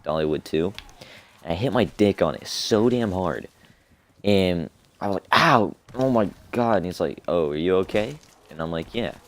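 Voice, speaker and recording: A young man telling a rambling, profane story in a casual, laid-back way as a streamer. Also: low-pitched. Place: home streaming setup.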